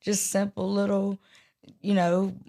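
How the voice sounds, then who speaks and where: A woman's voice: medium pitch, monotone, slow, gravelly, dark tone. Chatty Southern woman podcast guest. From Georgia, US. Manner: chatty, rambling, with many restarts. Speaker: guest singer-songwriter. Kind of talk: casual podcast interview.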